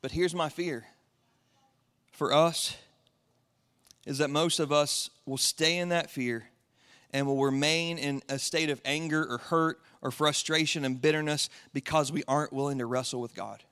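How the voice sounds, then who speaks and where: High, bright-voiced young male preacher. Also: steady tone, unhurried, clean tone. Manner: builds from quiet earnest to loud impassioned preaching. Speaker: pastor. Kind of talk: sermon.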